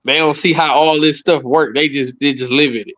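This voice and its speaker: A man's voice: on the high side, fairly even intonation, moderate pace, fairly bright tone. A man in his thirties, a podcast guest, chatting casually and rambling through anecdotes with frequent chuckles. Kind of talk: casual chat. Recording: slightly muffled lo-fi audio.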